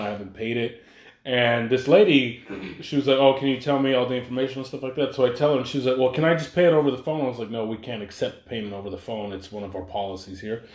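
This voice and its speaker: A man's voice: medium pitch, a little mellow. A young man in casual podcast chat, telling a profane story and acting out the people in it. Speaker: podcast co-host. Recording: echoey room.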